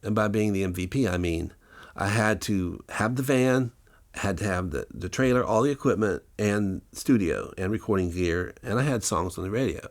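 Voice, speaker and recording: Low male voice, musician-teacher interviewee, rambling anecdotal delivery full of fillers. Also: moderate pace. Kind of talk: interview storytelling.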